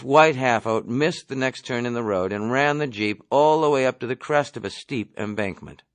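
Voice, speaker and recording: A man reading a novel aloud as an audiobook, in a measured storytelling delivery. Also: mid-range voice, no echo. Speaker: audiobook reader. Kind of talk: novel narration.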